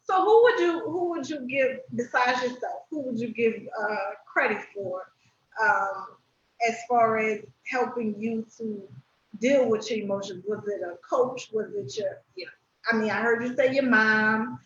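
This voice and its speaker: A woman's voice: fairly high pitch, lively intonation, measured pace, a bit bright. Lady host asking questions, sounds far from the mic, kinda muffled. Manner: curious, encouraging questions. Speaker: podcast host. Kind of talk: casual interview. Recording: dull, echoey, distant with faint noise.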